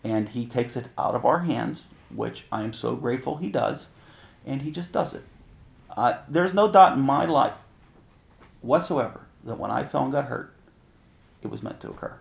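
Gravelly, lively middle-aged male pastor. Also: mid-range voice, normal speed. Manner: candid, animated storytelling with chuckles. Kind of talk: sermon with personal testimony. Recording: roomy reverberant sound.

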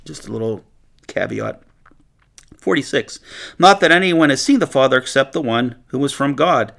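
A man teaching through a Bible passage in a sermon, reading verses aloud and then paraphrasing them in a lively, conversational way. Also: mid-range voice, moderate pace, creaky. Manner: animated, reads scripture aloud then paraphrases it conversationally, laughs often.

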